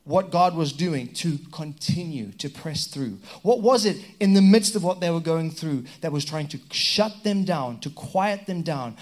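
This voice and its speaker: A middle-aged man delivers a sermon from a church stage. His voice sits slightly high for a man. He leads the congregation in call-and-response, building to emphatic peaks and then easing into quiet, joking asides. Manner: emphatic call-and-response preaching, rising and dropping in force. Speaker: pastor.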